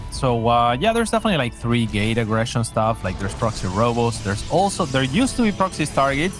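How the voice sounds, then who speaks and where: A man commentating an esports match, explaining the play in a steady analytical way. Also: medium pitch. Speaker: esports caster.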